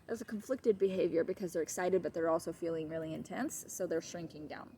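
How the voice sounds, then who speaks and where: A woman's voice: steady tone, fast, mellow, slight background noise. A woman dog trainer giving a casual, chatty video lesson at home, wandering into asides. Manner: chatty, digressive, switches to high baby talk with her dog. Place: at home with her dogs.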